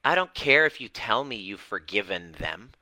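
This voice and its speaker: A man's voice: on the low side, sing-song, normal speed, bright, forceful tone, no room sound, poor audio. A man coaching an online group in a livestream talk, passionate and blunt, swearing for emphasis and openly dramatic. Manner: dramatic, fired up. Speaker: relationship and healing coach.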